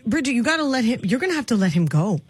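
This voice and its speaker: A woman with a fairly high, husky voice hosts a radio talk show. She sounds earnest and soothing, recorded dry and close. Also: very animated, rapid-fire, no echo.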